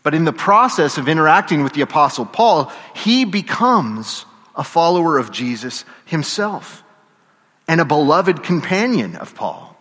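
A man's voice: fairly high pitch, big pitch swings, a little slow, fairly bright tone. A man preaching a sermon, telling the story with energy and getting the congregation to call out responses. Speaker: pastor. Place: church. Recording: long reverb of a church hall.

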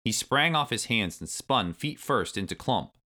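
A man narrating a children's storybook aloud with expressive delivery. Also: mid-range voice, measured pace.

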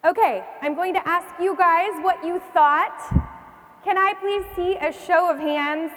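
A young woman teaches church history to a live class, her voice sitting high. She draws the room in with questions and repeats their answers back. Her words trail off into a long hall reverb. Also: unhurried, a bit bright. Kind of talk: classroom lecture.

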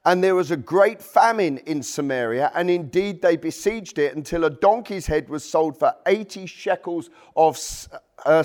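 Pastor guy giving a sunday sermon, kinda high voice, gets excited, breaks off to comment on the bible passage. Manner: animated, reads scripture aloud with asides. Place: church.

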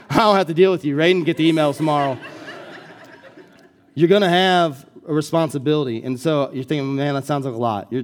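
A young American man preaching a sermon as a guest pastor, in a casual, conversational way with lots of filler words. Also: mid-range voice. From United States.

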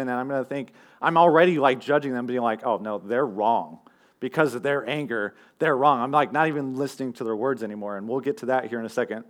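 A young man giving a sermon in a conversational, storytelling way, with fillers and self-deprecating asides. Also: medium pitch. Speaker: college group teacher and preacher. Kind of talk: casual sermon.

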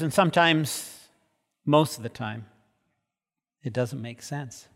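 Pastor guy preaching slow, goes quiet then loud and big, long echo from a big church hall. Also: fairly high pitch, expressive, vocal fry. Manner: swings from soft and slow to loud emphatic peaks. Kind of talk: sermon. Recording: long reverb of a large hall.

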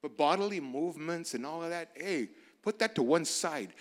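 A man preaches a sermon with a lively, swooping delivery. His voice sits a touch high, and he swings from hushed asides to loud, urgent calls. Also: moderate pace, hardly any pauses. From barrio in the United States. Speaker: pastor.

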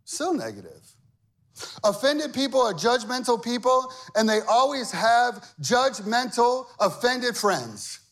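High-voiced preaching pastor. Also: male voice, sing-song, slow pace, a bit bright. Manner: emphatic preaching with rising, repeated lines; conversational and joking with the congregation. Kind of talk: sermon.

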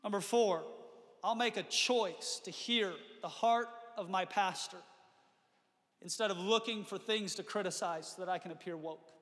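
A man's voice: high voice, normal speed, fairly bright tone, in a large hall. A man preaching a sermon as pastor, earnest, often restarting with repeated words. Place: church.

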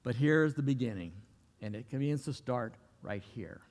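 A man preaching in a church, his voice trailing off into a long hall reverb. He talks in a relaxed, folksy storytelling way, with mid-range pitch, and now and then acts out the people he quotes. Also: moderate pace. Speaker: pastor. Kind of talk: sermon.

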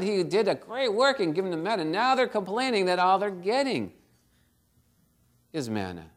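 A middle-aged man preaching a conversational sermon, often checking in with "right?" and acting out the quotes he tells. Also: a little high. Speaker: pastor.

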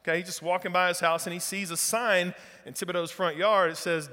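Folksy preacher guy, high bright voice, big echoey hall. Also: fairly even intonation, quick pace. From northeast Louisiana. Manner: casual, folksy, enthusiastic. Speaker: guest pastor. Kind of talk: sermon with humor. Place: church sanctuary.

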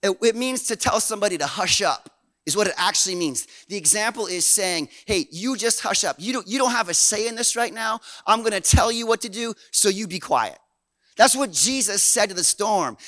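A man from Canada preaching a sermon in an animated, folksy way, dropping low and then swelling loud. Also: moderate pace, no echo. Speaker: pastor.

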